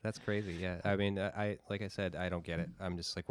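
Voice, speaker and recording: A low-pitched man chats casually, circling around his points and groping for words. The recording is close and dry, with no room sound. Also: flat delivery, fairly quick, smooth, no room sound. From Rhode Island. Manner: rambling, searches for words. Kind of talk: casual chat.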